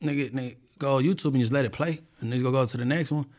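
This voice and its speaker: A man's voice: mid-range voice, racing, darkish tone. A man hosting a podcast in casual banter, slangy and playfully argumentative, often cutting in. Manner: slangy, interrupts and argues playfully. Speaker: podcast host.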